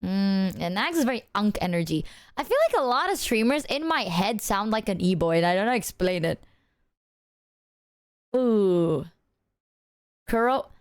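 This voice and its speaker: A woman's voice: medium pitch, lively intonation, moderate pace, long pauses, clear, resonant tone, no room sound, studio quality. A woman streamer chatting casually with her viewers in a loose, rambling way, full of filler words and swearing.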